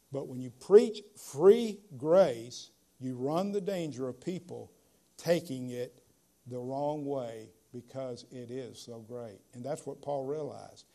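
A man preaching a sermon, emphatic, slowing down to stress key phrases, with frequent "uh" fillers. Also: mid-range voice, creaky, mellow.

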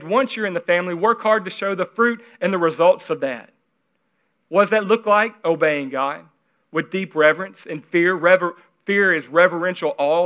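Pastor guy preaching, earnest and chatty, fairly high voice, kinda muffled recording. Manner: earnest, conversational, shifting to hushed intimate tones. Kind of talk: sermon. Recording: slightly dull lo-fi recording.

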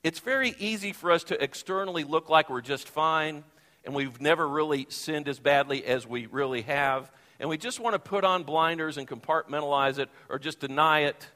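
Man, pastor, expressive sermon, long church reverb. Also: on the high side. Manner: expressive preaching, acting out Bible quotes. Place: church sanctuary.

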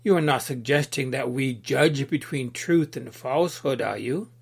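A man's voice: mid-range voice, normal speed, gravelly, husky. A man reading the part of an agreeable but fussy open-minded man in an allegorical story, mild and easily put out.

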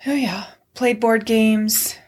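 A woman's voice: fairly high pitch, steady tone, slow, a little mellow. A middle-aged woman co-hosting a casual chat show, telling stories about her week and laughing often. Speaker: podcast co-host.

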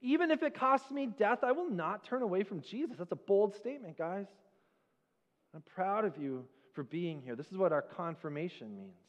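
A man preaching a sermon as pastor in a church, with a conversational, animated storytelling manner. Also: high voice, normal speed, in a large hall, muffled recording. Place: church sanctuary.

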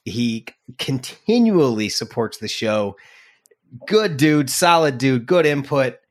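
A man hosting a podcast, chatting casually and teasing his co-host in an animated, joking way. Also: mid-range voice, takes it slowly. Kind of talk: casual chat.

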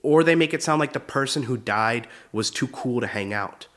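A man's voice: mid-range voice, normal speed, fairly bright tone. A man in his twenties, a comedian hosting his own show, telling rambling stories in a casual monologue, laughing at his own jokes and acting out quotes. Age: 20s. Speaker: comedian host.

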